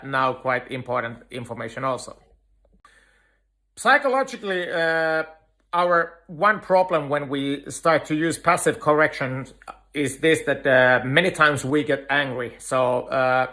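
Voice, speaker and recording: A man giving an earnest dog-training lecture, talking in halting phrases full of "uh" fillers. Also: a little high, bright, forceful tone. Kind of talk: instructional lecture.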